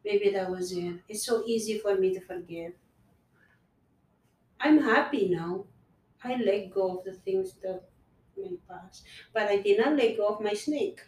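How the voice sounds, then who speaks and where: Slow-spoken earnest woman in an echoey room. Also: medium pitch, a little mellow, distant mic. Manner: earnest, repetitive, restarts phrases. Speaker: guest sharing personal story. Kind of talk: casual conversation. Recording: echoey room, voice set back from the mic.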